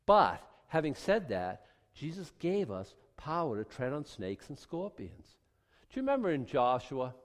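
A man preaching a sermon, wry and animated, acting out voices for God and the kings as he reads scripture. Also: mid-range voice, in a large hall. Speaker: pastor.

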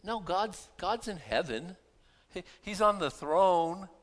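A pastor preaching a sermon in a conversational, animated way, full of rhetorical questions. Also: male voice, high-pitched, slow.

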